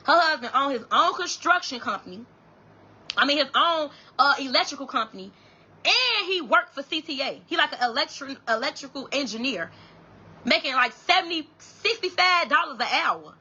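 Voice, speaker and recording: A young woman with a high, bright voice tells her viewers a personal story in a casual storytime chat. She is blunt and profane, and she often stops and restarts her sentences. The sound is dull and lo-fi. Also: expressive, moderate pace. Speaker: storytime vlogger.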